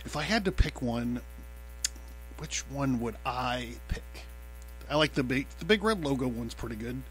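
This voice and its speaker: A man of middling pitch hosting his podcast alone, drifting between topics with plenty of ums, uhs and curses. He laughs easily, and a faint bed of music sits quietly behind his voice. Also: lively intonation, moderate pace. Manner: loose and profane, many fillers and laughs. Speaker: podcast host. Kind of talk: casual rambling monologue.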